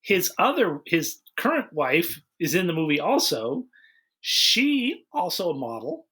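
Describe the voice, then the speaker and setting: Blunt male podcast host, bright slightly high tone, dry sarcasm. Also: sing-song, measured pace, breathy edge. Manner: blunt, sarcastic, acts out quotes. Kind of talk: casual comedic chat.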